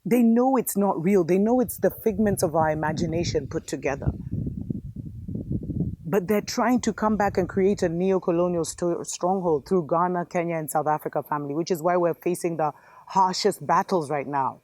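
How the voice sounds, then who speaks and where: A woman's voice: lowish voice, normal speed, background noise. A woman host giving an impassioned spiritual commentary monologue, fervent and preachy, calling her viewers family.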